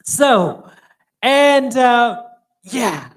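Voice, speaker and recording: A man's voice: high voice, animated, extremely slow, pauses often. A man from Myanmar with a Burmese accent, a pastor giving a Bible study talk in a chatty storytelling way, acting out dialogue in second-language English.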